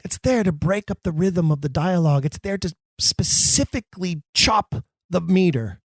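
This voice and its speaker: A man hosting a podcast, teaching Shakespeare acting with emphatic delivery that drops low and slow for dramatic lines. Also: lively intonation, no echo. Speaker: podcast host.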